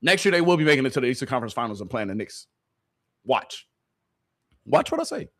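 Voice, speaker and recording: A man's voice: mid-range voice, animated, fast talker, a bit bright. Heated man ranting about sports. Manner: heated, repetitive, talks straight to the audience with slang. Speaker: host. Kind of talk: animated sports commentary to a stream chat.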